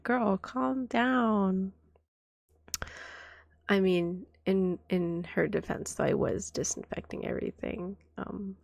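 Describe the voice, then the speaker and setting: A woman streamer with a cold, coughing now and then, softly rambling as a caring girlfriend in a whispered role-play. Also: medium pitch, vocal fry, no echo. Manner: soft-spoken, rambling, trailing off. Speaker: vtuber streamer.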